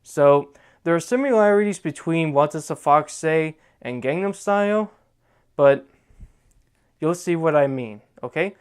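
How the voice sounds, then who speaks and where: A young man walks viewers through a dance routine one step at a time, pausing to ask "okay?" after each move. His delivery is unhurried and deliberate. His voice is smooth and clear, sitting slightly high for a man. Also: animated. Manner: repeats "okay?" to check in, counts out moves slowly. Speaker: dance tutorial host.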